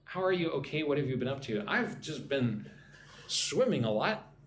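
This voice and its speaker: A man's voice: a little high, very animated, moderate pace, a bit bright, roomy sound, slight background noise. A man teaching English on a live stream, reading chat comments and drilling pronunciation.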